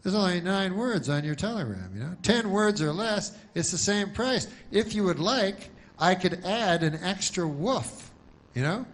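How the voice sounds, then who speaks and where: A man's voice: high-pitched, lively intonation, a little slow, pitched above the performer's own voice. A man voicing a chatty male telegram clerk who speaks in a helpful, matter-of-fact way.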